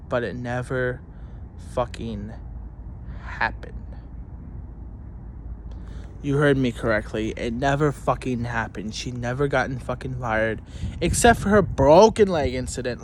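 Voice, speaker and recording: A vlogger telling a story as an angry rant, swearing constantly and shouting at times. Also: medium pitch, lively intonation, normal speed, long pauses, slight background noise.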